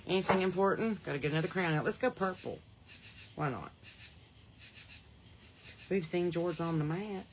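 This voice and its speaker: A Southern woman hosts her podcast live from a porch, talking into a phone on a holder. Her voice is bright and forward, her talk folksy and chatty with quick laughs and sudden jumps in loudness. A faint outdoor hiss sits under the voice. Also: low-pitched, expressive. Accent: Southern American. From American South. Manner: folksy, chatty, laughs often, swings loud and soft. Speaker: podcast host. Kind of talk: casual livestream chat.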